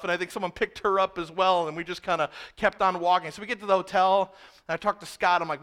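A man preaching a sermon through a lively personal story. His voice sits a little high and rings bright and forceful. He talks animatedly and often picks up speed as he tells it. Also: fast talker. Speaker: pastor.

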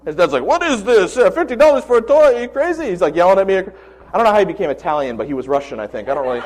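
Guy in his 40s preaching, kinda high voice, tells funny stories and does the voices. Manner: animated storyteller with quoted voices. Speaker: pastor. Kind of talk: sermon with personal stories.

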